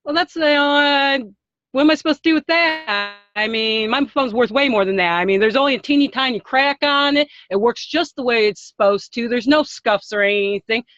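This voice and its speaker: A woman's voice: lowish voice, lively intonation, normal speed, hardly any pauses, no echo, lightly acted. A woman playing an indignant phone seller. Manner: ranting, indignant. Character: irate woman selling a phone, haggling. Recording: dry, dull lo-fi call audio.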